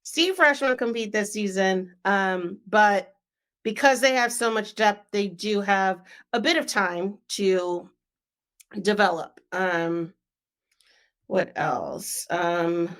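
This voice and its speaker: A young woman co-hosting a sports podcast, chatting casually and filling pauses with "um" and "like". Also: mid-range voice, fairly bright tone. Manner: chatty, frequent "um" and "like" fillers.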